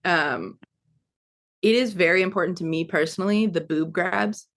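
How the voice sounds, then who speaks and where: A woman's voice: fairly low pitch, moderate pace, fairly bright tone. A woman co-hosting a podcast, chatting casually and enthusiastically with lots of filler words. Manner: gushing and enthusiastic, many "like" fillers. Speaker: podcast co-host discussing a TV adaptation. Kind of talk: casual chat.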